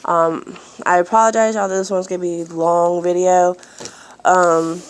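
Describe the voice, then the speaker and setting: Slow, wheezy woman. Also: fairly low pitch, steady tone, fairly bright tone, slight background noise. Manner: rambling and apologetic. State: out of breath, wheezing. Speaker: mother vlogging. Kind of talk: casual chat to camera. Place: at home.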